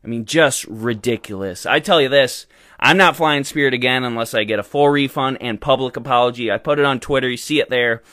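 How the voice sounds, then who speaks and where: A man's voice: medium pitch, a little fast, a bit bright, no room sound, clean studio sound. A young man hosting a podcast, telling a story in a rambling, indignant rant full of fillers. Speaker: podcast host. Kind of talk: casual storytelling monologue.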